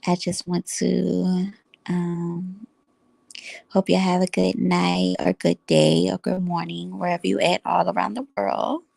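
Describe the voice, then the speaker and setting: A woman vlogger, wrapping up her video in a slow, rambling way full of fillers. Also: fairly low pitch, flat delivery, creaky, a little mellow, no room sound. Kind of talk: casual vlog outro.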